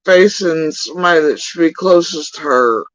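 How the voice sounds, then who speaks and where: A man telling a story in casual livestream talk, rambling and swearing, with sudden high bursts when he quotes people. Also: moderate pace, dry recording, lo-fi sound. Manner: profane, rambling, animated when quoting others. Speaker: livestream talker.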